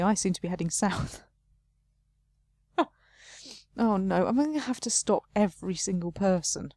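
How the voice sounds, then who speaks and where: A woman's voice: on the low side, a little mellow, no room sound. A woman playing a game, chatting casually and reading the game text aloud, often laughing at herself. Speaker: let's play host.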